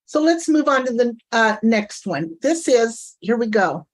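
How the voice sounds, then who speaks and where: Indignant woman streamer, slow delivery. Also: on the high side, sing-song. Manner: indignant, talks to her chat. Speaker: commentary streamer. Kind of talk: live reaction commentary.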